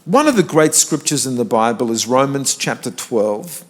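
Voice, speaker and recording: An older man, a pastor, preaching a conversational sermon in church and rising in pitch when he stresses a point. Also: very animated, moderate pace.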